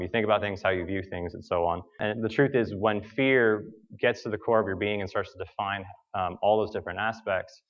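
American guy preaching, kinda low voice, lots of um and restarts, a bit lo-fi. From United States. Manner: halting, many fillers and restarts. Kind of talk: sermon with personal story.

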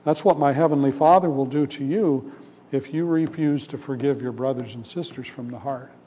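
A man's voice: mid-range voice, normal speed, mellow. Man preaching in a reverberant hall. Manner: conversational storytelling, acts out voices in the parable. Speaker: pastor. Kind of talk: sermon.

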